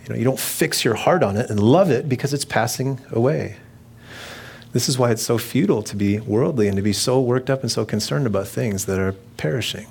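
A man's voice: medium pitch, brisk, creaky, darkish tone, breathy edge. A middle-aged man preaching a sermon in a conversational, jokey way, slipping into mimicked voices for asides. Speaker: pastor.

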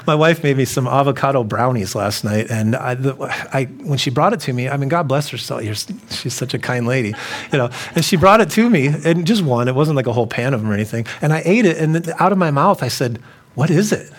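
A man's voice: medium pitch, lively intonation, fast. Conversational man preaching a sermon. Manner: conversational preaching, repeats phrases and asks the listeners questions. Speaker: pastor.

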